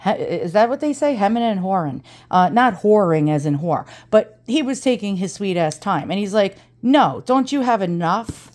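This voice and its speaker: A woman's voice: mid-range voice, expressive, moderate pace, hardly any pauses, darkish tone. A woman with an East Coast American accent, talking in a chatty and dramatic way in a casual unboxing vlog, swearing freely. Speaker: antiques reseller vlogger.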